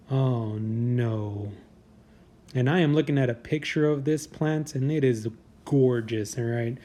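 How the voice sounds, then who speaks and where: A man's voice: medium pitch, a little slow, mellow. A man hosting a comedy news podcast, riffing on headlines in a casual, crude, sarcastic way. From United States. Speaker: podcast host.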